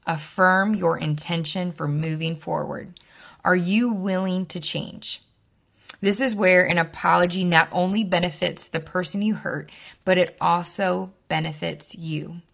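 A young woman hosting an advice podcast, explaining steps in a calm, instructive way and repeating key points slowly. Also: fairly low pitch, creaky. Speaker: podcast host.

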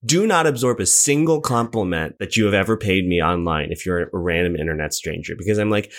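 A man's voice: deep voice, fairly quick, hardly any pauses. A man, a comedian, chatting as a podcast guest and candidly confessing his own insecurities with self-deprecating humor. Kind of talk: casual chat.

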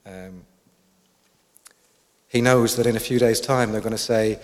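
A man's voice: lowish voice, steady tone, unhurried. A man preaching a sermon, thoughtful, asking his listeners many questions. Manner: reflective, asks the congregation questions. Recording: long hall reverb.

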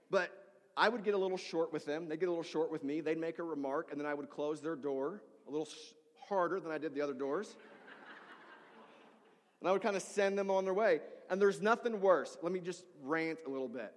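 A man's voice: on the high side, fairly quick. A middle-aged man, a pastor, preaching a sermon and telling stories animatedly, acting out the people in them. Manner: animated storytelling, acting out voices of people in his story. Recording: reverberant hall.

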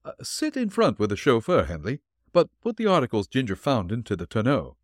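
A man voicing a shrewd, courteous detective who speaks calmly, firmly and politely, read for a storybook. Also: medium pitch, a little fast, no room sound, clean studio sound. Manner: calm, firm and polite.

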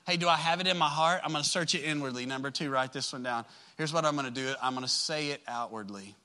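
A male pastor preaching to a congregation in church, his voice very bright and tense and pitched a little high. He addresses the room directly and conversationally, with loud emphatic bursts that drop into soft asides. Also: fast talker. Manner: animated, swinging from loud emphatic outbursts to quiet soft asides. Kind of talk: sermon. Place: church service with a live congregation.

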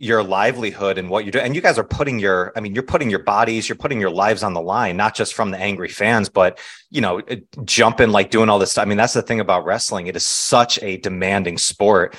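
A man's voice: fairly low pitch, a little fast, fairly bright tone. A man hosting a podcast who reacts to his guest in a rambling way, with many fillers. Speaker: podcast host. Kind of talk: casual interview chat.

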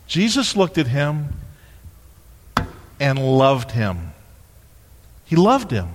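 Animated preacher man in a reverberant hall. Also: fairly high pitch, a little slow, pauses often, a little hiss or hum. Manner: animated storytelling, acting out voices. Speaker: pastor. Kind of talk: sermon. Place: church sanctuary.

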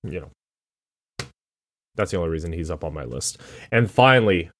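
A man's voice: low-pitched, expressive, moderate pace, a bit bright. A man co-hosting a podcast, casual and playful, teasing and sounding words out. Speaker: podcast co-host. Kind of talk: casual chat.

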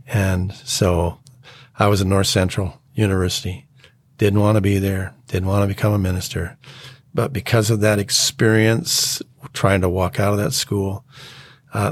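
An American man telling his life story as an interview guest, earnest and halting. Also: lowish voice, dry recording. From United States. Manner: earnest, halting, acts out quoted dialogue. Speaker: guest sharing his testimony.

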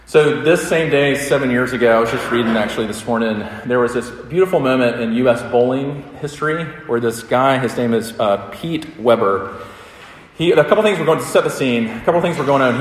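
A man delivers a sermon in an earnest, conversational way, circling back and repeating his phrases as he builds each point. His voice sits in a middle register. The sound carries the long, roomy echo of a large hall. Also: mid-range voice. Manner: earnest, conversational preaching with repetitions. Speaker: pastor. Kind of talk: sermon with opening prayer.

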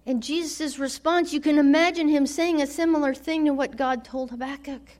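A high-voiced woman preaches a dramatic sermon, swinging between loud declarations and hushed near-whispers.

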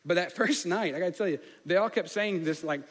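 A man's voice: high-pitched, brisk. A man with a slight lisp, telling a personal story in a sermon in a candid way with many fillers. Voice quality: slight lisp on some words. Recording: long hall reverb.

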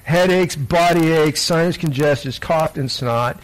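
Playful questioning pastor, man, high voice. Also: a little slow, low-quality recording. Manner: playful, asks the listeners many questions. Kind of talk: children's sermon. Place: church.

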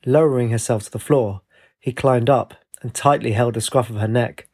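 A man narrating a fantasy story with a measured, expressive reading. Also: mid-range voice, husky.

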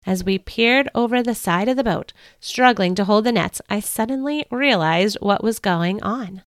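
A woman, host of a family devotional show, reading a children's Bible story aloud with expressive storytelling. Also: mid-range voice, moderate pace, hardly any pauses, no room sound, studio quality. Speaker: author and podcast host.

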